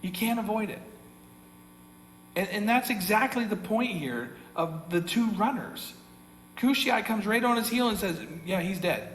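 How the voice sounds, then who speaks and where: A man's voice: high-pitched, animated, unhurried, fairly bright tone. A man with an American accent preaching a sermon as pastor, in a conversational way that repeats key phrases, with the odd chuckle. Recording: echoey hall with mains hum.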